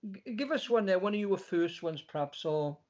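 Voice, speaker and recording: A man's voice: high-pitched, animated, normal speed, darkish tone. A man, co-hosting a poetry podcast, chatting in a colloquial, storytelling way. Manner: chatty, colloquial, slips into other voices. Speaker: poet and podcast co-host. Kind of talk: casual chat. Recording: dull lo-fi podcast audio.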